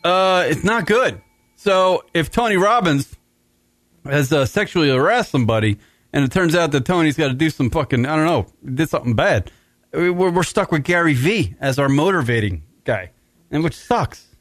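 A man's voice: a little high, expressive, normal speed, a bit bright, dry recording. A middle-aged man hosting a radio show from a studio, in crude, rambling casual banter full of swearing. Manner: profane, rambling, laughs often. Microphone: studio mic.

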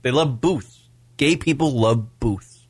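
A man's voice: mid-range voice, takes it slowly, a little mellow, husky. A man co-hosting a radio show, making crude, playful jokes in casual chat.

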